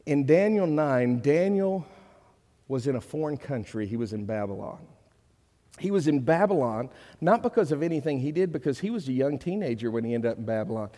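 A middle-aged pastor with a voice on the high side but dark in tone preaches in a church sanctuary. His sermon is earnest and conversational, rising to emphatic peaks, and the hall gives it long reverb.

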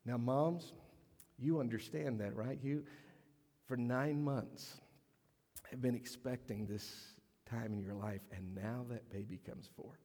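A man preaching a sermon to his congregation, animated and storytelling, acting out voices in his stories. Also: mid-range voice, slow, in a large hall. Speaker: pastor. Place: church sanctuary.

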